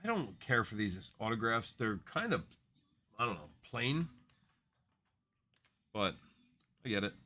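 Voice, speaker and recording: A man's voice: lowish voice, big pitch swings, a little slow, long pauses, pushed and bright. A man hosting a live card break stream, chatting casually and rattling off player names as he opens packs.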